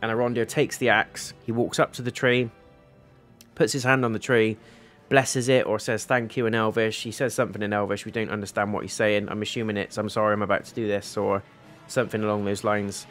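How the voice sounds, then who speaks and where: Man, slightly low voice, casual TV review, rambling plot recap, blunt, occasional swearing. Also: level tone, a little fast, a bit bright, soft background music. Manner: rambling plot recap with paraphrased quotes and fillers. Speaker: TV reviewer, channel host. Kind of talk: casual spoken TV episode review.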